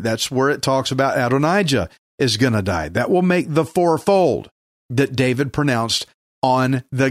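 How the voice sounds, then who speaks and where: A man's voice: medium pitch, dry recording. Earnest male radio preacher, dry close sound. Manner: earnest, emphatic, acts out biblical quotes. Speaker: pastor. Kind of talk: radio Bible teaching sermon.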